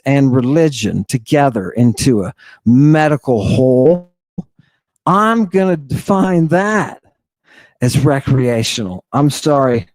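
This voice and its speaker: A man hosting a podcast, giving an animated lecture in a casual, slangy way and firing rhetorical questions at his listeners. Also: on the high side, no echo. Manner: emphatic, peppered with rhetorical questions to the audience; casual slang, teasing a co-host. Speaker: host lecturing on ancient texts.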